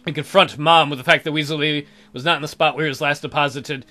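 A man's voice: on the high side, a little fast, few pauses, bright, forceful tone. A man hosting a let's play, reading the game's text aloud and adding wry, sarcastic asides. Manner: wry, sarcastic running commentary.

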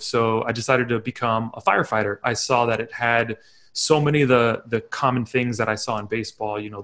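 A man's voice: medium pitch, a bit bright. A young man, a confidence coach, telling his personal story in a candid, reflective way, acting out his own past thoughts. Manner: candid, reflective storytelling with acted-out inner quotes.

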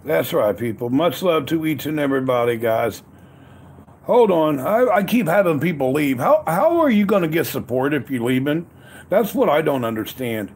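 Very animated and speaking at a normal speed, a man with a voice on the high side and a breathy edge hosts a casual livestream. He's outside at a grill in cold weather, repeatedly greeting chat viewers by name with upbeat catchphrases.

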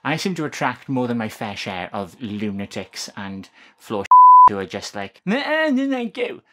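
A woman's voice: very deep voice, wildly swooping pitch, a little slow, bright, forceful tone, a little hiss or hum. Sarcastic woman vlogger. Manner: sarcastic, joking asides. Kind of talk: casual talk to camera.

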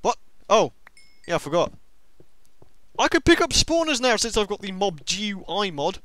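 Excitable young man with a bright voice. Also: sits high, normal speed, no room sound. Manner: excitable, jumpy, talks to himself and the monsters. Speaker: gaming video host. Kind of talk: Minecraft let's play commentary.

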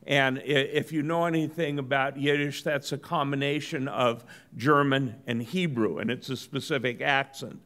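A middle-aged man from Southern California giving a business lecture in a measured, good-humored storytelling manner. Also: mid-range voice, fairly even intonation, fairly bright tone. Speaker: guest lecturer.

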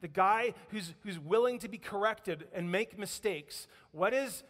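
A man with a fairly high voice preaches in a church. He tells the story with lively energy and puts on voices for the quotes. A long reverb from the hall trails behind his words. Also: unhurried. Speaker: pastor. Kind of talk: sermon. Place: church sanctuary.

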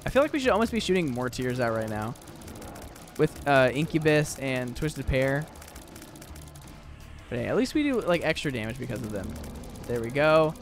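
A man's voice: medium pitch, sing-song, normal speed, long pauses, slight background noise. A young man rambling through casual gameplay commentary, full of fillers and restarts. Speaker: gaming YouTuber.

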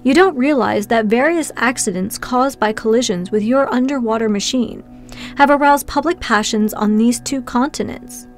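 A woman's voice: fairly high pitch, normal speed, faint music behind, close to an everyday voice. A woman reading as an earnest male professor. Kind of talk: audiobook character reading.

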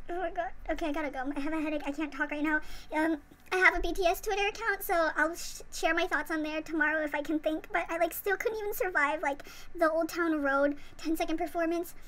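A woman's voice: extremely high pitch, fast talker, fairly bright tone. A young woman gushing breathlessly in a reaction vlog, swearing and repeating herself as she talks to her viewers. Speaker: fan reacting to a performance.

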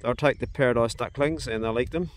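A middle-aged man with a New Zealand accent, chatting in a relaxed, plain-spoken way as he walks around his farm outdoors. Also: mid-range voice, brisk, a little hiss or hum. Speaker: vlogger, farm owner. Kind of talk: casual narration on a farm walk.

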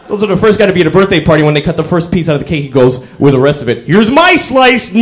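A young man performing a stand-up comedy set, telling wry stories with sudden yells. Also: on the high side, lively intonation, rapid-fire. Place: comedy club stage before a live audience. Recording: crowd laughter behind. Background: audience laughter.

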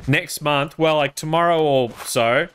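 Australian male streamer, rambling and wry, with an unhurried and smooth delivery. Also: on the high side, fairly bright tone. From Queensland, Australia. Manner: rambling, wry, self-amused. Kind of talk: casual chat with stream viewers.

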